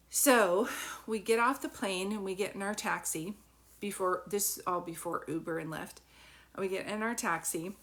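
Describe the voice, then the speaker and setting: A chatty woman medium talks through a story on a live stream, speaking into her phone. Her voice sits at an ordinary middle pitch, and she keeps stopping to thank viewers by name before picking the story back up. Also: fairly bright tone. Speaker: psychic medium.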